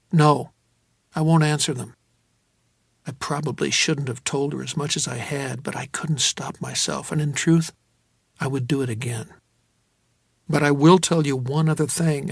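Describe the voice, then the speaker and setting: A male narrator reads a novel in the first person with steady, wry understatement. His voice sits a little high for a man. The recording is close and dry. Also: creaky, breathy edge, no room sound. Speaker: audiobook narrator.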